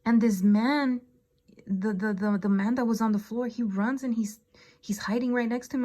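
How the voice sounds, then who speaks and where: A woman's voice: fairly high pitch, fairly even intonation, moderate pace, mellow. A woman vlogger telling a dream story in a casual, rambling way, with slangy phrasing, lots of fillers and swearing. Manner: slangy, laid-back phrasing.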